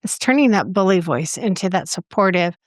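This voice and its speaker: A woman's voice: fairly low pitch, lively intonation, fairly quick, no echo, studio quality. A woman hosting a podcast interview, enthusiastic and affirming toward her guest. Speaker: podcast host.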